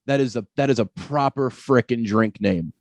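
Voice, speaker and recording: Male podcast host, mid-pitched voice, dry close recording, chatty, joking. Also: no room sound. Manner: chatty and jokey, quick to laugh. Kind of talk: casual podcast chat.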